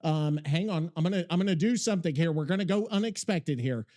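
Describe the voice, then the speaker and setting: Excitable, profane male podcast host. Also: fairly high pitch, fast. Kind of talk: casual podcast chat.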